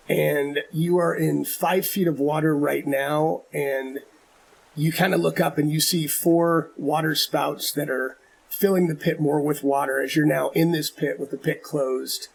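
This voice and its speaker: Male game master, gravelly and husky, a little high, patient rules explainer. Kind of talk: narrating a tabletop game.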